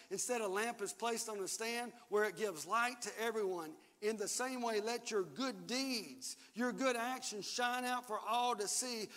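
In a high, slightly bright voice, an older man serving as pastor reads scripture aloud during a sermon in a big church hall, getting the crowd to repeat after him in call-and-response. The recording carries long hall reverb with faint music underneath.

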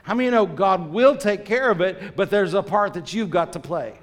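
A man's voice: high voice, brisk. A man preaching a sermon, emphatic, repeating phrases and asking the congregation questions. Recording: long reverb of a large church hall.

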